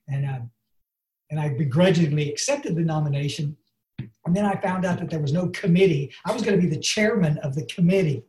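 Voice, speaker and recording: A man's voice: fairly high pitch, darkish tone, roomy sound, slight background noise. A man giving an earnest, folksy recovery talk full of "and, uh" fillers. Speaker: recovery speaker. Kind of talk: personal testimony talk. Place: online meeting.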